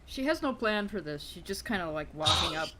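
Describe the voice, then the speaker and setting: A woman's voice: lowish voice, very noisy. A woman playing a tabletop role-playing game, laughing often as she describes her character. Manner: laughs often, slow relaxed talk. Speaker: player.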